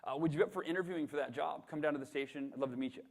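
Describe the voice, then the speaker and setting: A hearty, booming middle-aged radio station manager, as a man puts him on in a storytelling talk. He speaks in a polished, upbeat announcer voice, pushed high and loud over a fairly high natural pitch. Friendly and salesy. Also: rapid-fire, natural voice.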